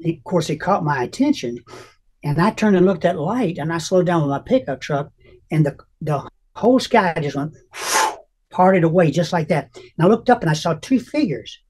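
Older man, somewhat high voice, earnest emotional testimony, halting restarts. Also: animated, a little mellow, husky. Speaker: guest telling his testimony.

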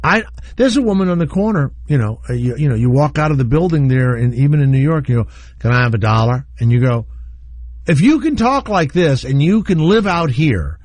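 A man's voice: fairly high pitch, big pitch swings, fairly quick, a little mellow, no echo. A male radio show host talking casually, blunt and opinionated, with a rambling way of speaking.

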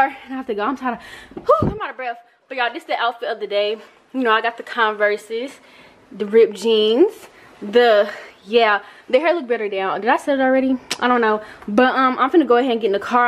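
Twenty-something girl vlogging, kinda high voice, playful and hyped, noisy car and room sound behind her. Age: 20s. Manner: chatty, playful, excitable, talks straight to viewers. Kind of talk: casual vlog chat to camera. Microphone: handheld camera mic.

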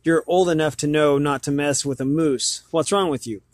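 A man's voice: fairly high pitch, steady tone, moderate pace, no room sound, clean studio sound, close to an everyday voice. A man reading the lines of a protective mother moose from a storybook, with small stumbles and repeats. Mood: firm. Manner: read aloud with stumbles and repeats.

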